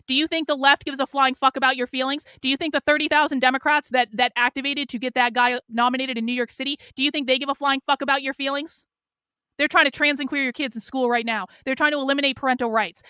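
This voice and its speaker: High, bright, yelling woman commentator. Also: fairly quick, clean tone, no room sound, studio quality. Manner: yelling, profane, scolding. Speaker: political commentator. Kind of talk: livestream rant.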